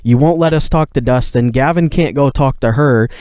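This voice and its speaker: A man's voice: mid-range voice, moderate pace, a little mellow, clear, resonant tone, no echo, clean studio sound. A young man co-hosting a podcast, retelling a story in casual chat, heated and profane, full of fillers. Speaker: podcast co-host.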